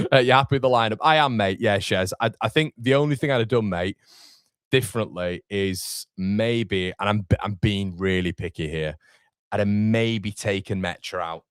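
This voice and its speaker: Young streamer host, deep voice, dry close sound, casual chatter. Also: male voice, normal speed, clear, resonant tone, dry recording. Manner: chatty, reading out viewer comments. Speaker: football watchalong host. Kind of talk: casual live-stream chat. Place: home room.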